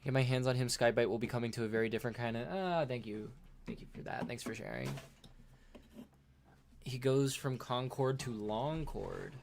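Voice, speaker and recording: Casual streamer host, gravelly fry, rambling and laughing, light background noise. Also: mid-range voice, moderate pace, a little mellow. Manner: rambling, chatty, laughs often, reacts to chat. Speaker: livestream host. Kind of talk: casual livestream chat while unboxing a toy.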